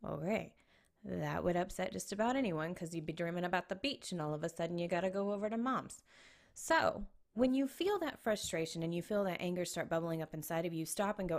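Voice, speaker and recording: A woman's voice: lowish voice, brisk. A woman giving earnest, conversational advice on self-awareness in relationships, often checking in with her listeners. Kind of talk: casual advice talk.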